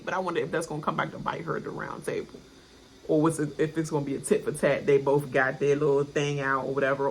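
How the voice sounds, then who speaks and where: A woman hosting a casual reality TV reaction video, animated and laughing, loudly mimicking the cast as she comments. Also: low voice, husky. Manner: animated, laughing, mimics cast members with loud yelled names.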